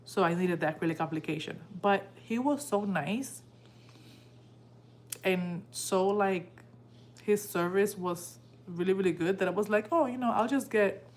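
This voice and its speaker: This livestream host speaks from home in a lowish, unhurried voice. Her retelling is casual, emotional and animated, and she performs the quoted lines of what others said.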